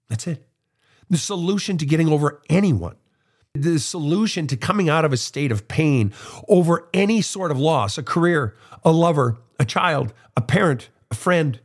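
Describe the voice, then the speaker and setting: A middle-aged man hosting a casual advice monologue, blunt and profane as he answers listener questions. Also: medium pitch. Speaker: host, soul counselor.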